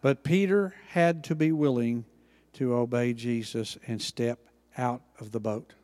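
A man preaching a sermon, acting out Bible dialogue with lively emphasis. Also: mid-range voice, unhurried, big-room sound. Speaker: pastor.

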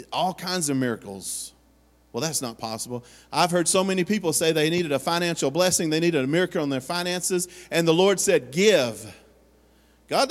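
Earnest pastor in a reverberant hall. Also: male voice, on the high side. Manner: earnest storytelling, acts out quoted voices. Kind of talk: sermon. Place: church sanctuary.

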